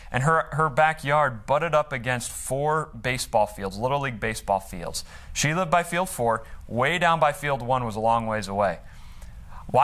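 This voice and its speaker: A male pastor giving a sermon, telling a childhood story and reading scripture in an earnest voice that slows down to dwell on key words. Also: mid-range voice, fairly bright tone.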